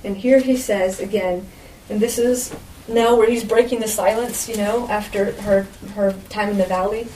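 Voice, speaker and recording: A woman's voice: mid-range voice, fairly even intonation, normal speed, warm tone. A woman giving an informal sermon as a Bible teacher, with a conversational manner and frequent asides to her listeners. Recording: roomy echo, distant mic, faint background noise.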